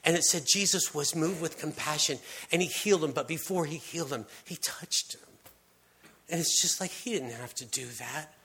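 A man giving a conversational sermon, telling stories with casual restarts and hushed emphasis. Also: fairly high pitch, moderate pace, a little hiss or hum. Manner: casual, storytelling delivery with frequent restarts and dropped-to-hushed emphasis. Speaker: preacher.

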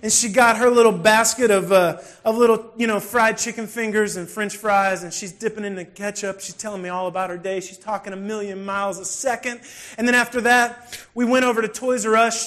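A middle-aged man, preaching a sermon and telling personal stories in a conversational way. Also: high-pitched. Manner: conversational preaching, swings from soft asides to loud bursts. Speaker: pastor.

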